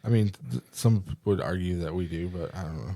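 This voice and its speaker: A man's voice: deep voice, animated, moderate pace, mellow. A man co-hosting a casual podcast, talking in a laid-back way with dry jokes, recorded in an office at his workplace. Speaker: podcast co-host and peer recovery coach. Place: office in their workplace building.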